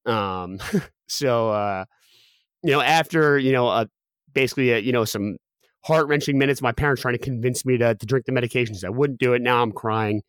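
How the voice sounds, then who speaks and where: A man's voice: mid-range voice, normal speed, clean tone, dry recording, studio quality. A young man telling a personal story as a guest, candid and full of fillers and restarts.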